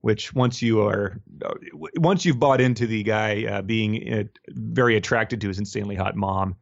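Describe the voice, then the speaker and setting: A man's voice: lowish voice, normal speed, creaky, dry recording, lo-fi sound. A man co-hosting a podcast in casual chat, wry and rambling, laughing often. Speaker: podcast co-host.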